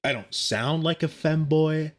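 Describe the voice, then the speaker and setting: A man's voice: fairly high pitch, measured pace. A young man streaming a game and defensively joking back at his chat. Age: young adult. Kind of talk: casual live-stream chat.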